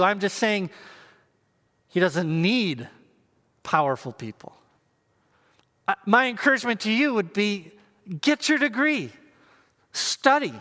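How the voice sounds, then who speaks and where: A man preaching a sermon to viewers, earnest and measured, with pauses and emphatic repetition. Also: high voice, pushed and bright, big-room sound. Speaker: pastor.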